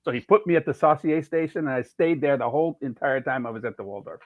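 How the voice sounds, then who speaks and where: Chef telling stories on a tinny line. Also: male voice, mid-range voice, fast, no room sound. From California. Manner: rambling anecdotes with quoted dialogue. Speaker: chef, podcast guest. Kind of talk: casual storytelling interview. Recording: tinny phone-like dry sound.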